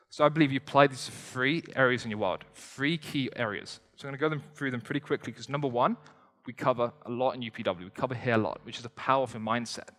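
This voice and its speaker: A young man giving an energetic motivational talk from a stage, conversational and joking with the audience. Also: mid-range voice. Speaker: motivational speaker. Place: stage before a live audience in a large hall. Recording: long hall reverb.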